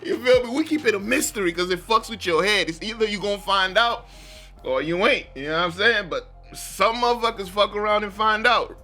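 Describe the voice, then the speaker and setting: A man's voice: high-pitched, a little fast, pushed and bright, faint music behind. A man hosting a reaction video, talking in a laid-back, slangy way and laughing often. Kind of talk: casual chat.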